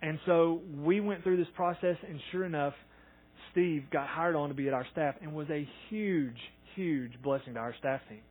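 A man preaching a sermon as a pastor, earnest, acting out quoted dialogue and swinging between loud and soft. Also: a little high, moderate pace, slightly rough. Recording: tinny phone-like sound.

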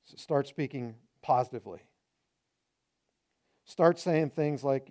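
A man's voice: mid-range voice, slow, mellow. A male pastor preaching a sermon, earnest and exhorting, hammering home short repeated phrases.

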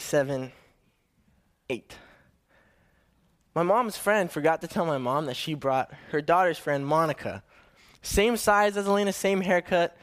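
Delivering his first sermon, a young man with a fairly high voice tells a family story. He sounds casual and a bit nervous, restarting his sentences.

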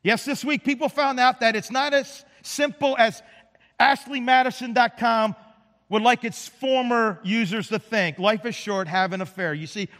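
A man's voice: high voice, fairly bright tone. A man in his fifties preaching a sermon with an emphatic, dramatic delivery. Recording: long hall reverb.

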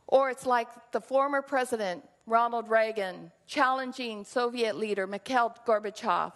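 Woman pastor, sermon delivery, earnest and reflective, slightly high voice, echoing church hall. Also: normal speed, few pauses, fairly bright tone. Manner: earnest, reflective preaching with acted quotes. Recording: long reverb of a large hall.

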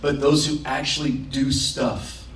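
A man's voice: mid-range voice, flat delivery, measured pace, a bit bright, slight background noise. Guy pastor preaching hard, acts out little prayers, echoey room, mic kinda far. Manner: impassioned preaching, acting out prayers and quotes. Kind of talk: sermon. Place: church. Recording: roomy, from a distance.

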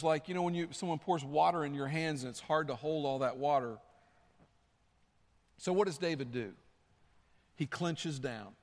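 A male pastor with a notably high voice preaches in a big hall with long reverb. He tells his stories animatedly, slipping into acted-out quotes. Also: fairly bright tone. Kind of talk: sermon.

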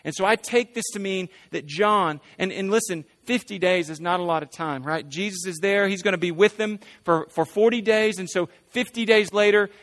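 A pastor with a fairly high voice preaches to his congregation. He speaks conversationally, checking in with "right?" and posing questions to his listeners. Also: normal speed, hardly any pauses, fairly bright tone. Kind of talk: sermon.

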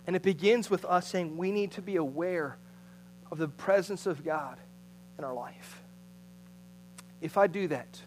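A man preaching a sermon, moving between loud, emphatic passages and hushed, near-whispered ones. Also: on the high side, a little hiss or hum, low-quality recording. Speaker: pastor.

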